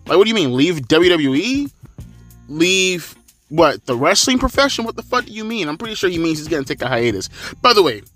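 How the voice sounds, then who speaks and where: A man's voice: fairly high pitch, fairly bright tone. A man in his thirties giving sarcastic, profanity-laced wrestling commentary in a ranting style. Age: 30s.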